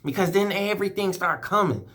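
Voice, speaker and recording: A man's voice: high voice, fairly quick, a bit bright. A sports fan vlogger, a man, giving a heated, profane and emotional rant, rambling and restarting his sentences. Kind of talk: ranting fan vlog.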